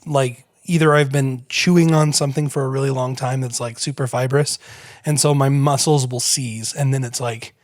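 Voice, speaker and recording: A man's voice: mid-range voice, fairly even intonation, dry recording, clean studio sound. A man hosting a podcast with his brothers, talking in a casual, playful and teasing way. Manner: playful, joking, quick to tease. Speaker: podcast host. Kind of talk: casual chat.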